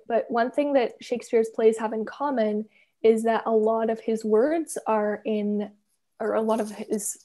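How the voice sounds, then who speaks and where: A woman's voice: a little high, dark tone. A young woman from Canada chatting over a video call, explaining carefully with lots of filler words. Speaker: co-author and reader. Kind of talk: casual conversation.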